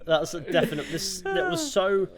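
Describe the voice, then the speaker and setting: A man's voice: high voice, wildly swooping pitch, moderate pace, creaky, crowd noise. A man co-hosting a podcast, reacting with sweary disbelief in casual chat. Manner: incredulous, sweary. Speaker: podcast co-host.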